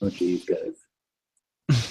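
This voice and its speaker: Lowish-voiced man running a tabletop game. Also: drawn-out words, dark tone, husky, poor audio. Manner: hesitant, filler-heavy narration. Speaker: game master.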